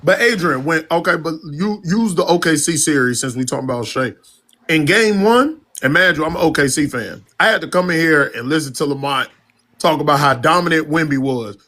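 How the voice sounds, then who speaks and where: A man's voice: on the high side, animated, brisk, bright, forceful tone. A man co-hosting a casual sports talk show, asking long rambling questions full of restarts and hesitations. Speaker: podcast co-host.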